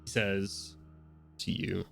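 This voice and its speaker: A man running a tabletop game as game master, speaking in a casual, relaxed way. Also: slow pace, soft background music.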